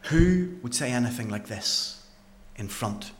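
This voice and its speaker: A man performing a dramatic first-person Bible monologue as a paralysed man healed by Jesus, with earnest storytelling and dramatic pauses. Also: mid-range voice, expressive, a little hiss or hum, close to an everyday voice. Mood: tense.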